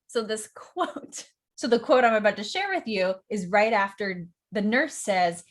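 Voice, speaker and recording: Brief: eager young woman in an acting lesson vlog, mid-pitched, lively, nerdy about verse. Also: unhurried. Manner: enthusiastic, acts out quotes, nerdy about verse. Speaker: acting teacher and director. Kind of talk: casual educational vlog.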